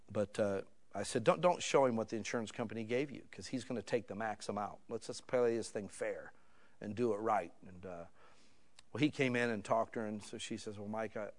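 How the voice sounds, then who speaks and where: A middle-aged man from the United States, a pastor telling a personal story in a sermon, talking conversationally and shifting from quiet asides to loud, heated stretches. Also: lowish voice.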